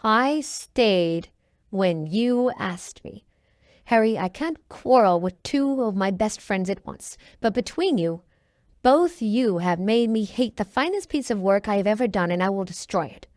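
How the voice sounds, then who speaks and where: A woman's voice: medium pitch, animated, measured pace, darkish tone, no echo, studio quality, close to an everyday voice. A woman voicing an earnest, wounded painter. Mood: distressed. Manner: earnest, hurt. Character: earnest male painter, devoted friend.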